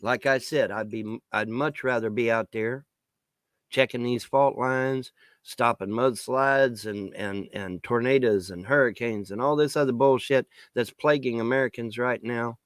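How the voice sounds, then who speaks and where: A man rants to the camera, cursing hard and taunting his critics with repeated mocking questions. His voice sits at an ordinary middle pitch and sounds dry and close, with no room echo. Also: measured pace. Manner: swearing, taunting, shouting in bursts. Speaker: vlogger. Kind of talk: angry profane rant to camera.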